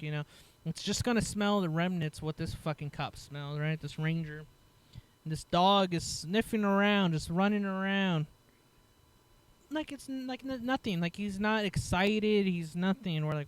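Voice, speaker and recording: A podcast host with a high, clear, resonant voice tells a story at a moderate pace in a dry recording. In casual chat he's animated, swears a lot, laughs, and acts out what other people said.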